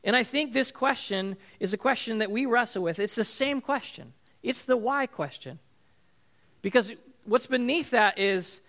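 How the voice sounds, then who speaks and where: A man's voice: very high-pitched, normal speed, a bit bright. A man, likely a pastor, giving a casual, conversational sermon with frequent ums and likes, now and then acting out the people in the story.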